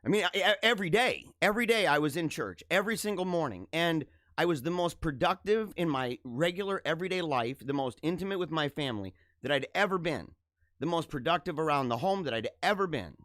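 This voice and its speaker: A man's voice: a little high, animated, fairly quick, a bit bright, dry recording, studio quality. A middle-aged man hosting his own live show, talking casually in a joking, emotional way with many restarts. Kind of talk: casual live-stream monologue.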